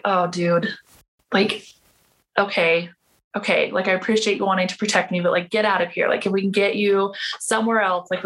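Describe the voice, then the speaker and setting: A woman in her 30s, a guest on a podcast, tells stories casually and chattily, using many "like" fillers and acting out the dialogue she quotes. Her voice is mid-range and a bit bright.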